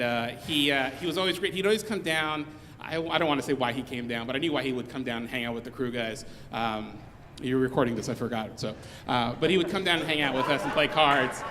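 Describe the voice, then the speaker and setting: A man telling a comic story live on stage, rambling along with restarts and quick asides. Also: mid-range voice, big-room sound, a little hiss or hum.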